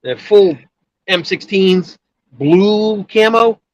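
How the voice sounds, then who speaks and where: A man's voice: high voice, very slow, highs cut off, slight background noise. A man telling a long personal story in casual chat, rambling with many restarts and filler words. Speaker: guest storyteller.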